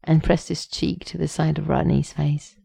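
Gravelly low-voiced woman reading a story. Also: moderate pace, no echo. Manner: expressive, reads punctuation aloud. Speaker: narrator. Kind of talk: audiobook reading of fan fiction.

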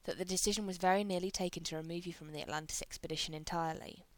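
A woman's voice: fairly low pitch, fairly even intonation, rapid-fire, no room sound, lightly acted. A woman voicing a laid-back, sardonic male general in a read-aloud story.

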